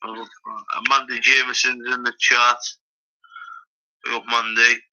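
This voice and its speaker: Guy, casual sweary chat, sharp bright voice, lo-fi muffled line. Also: mid-range voice, little pitch movement, a little slow. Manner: chatty, sweary, reads out the chat. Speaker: livestream guest.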